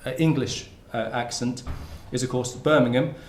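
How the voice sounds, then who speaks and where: At a moderate pace and with fairly even intonation, a medium-pitched man delivers a conversational conference talk. The roomy lecture hall carries faint ambience, and there's a little hiss or hum.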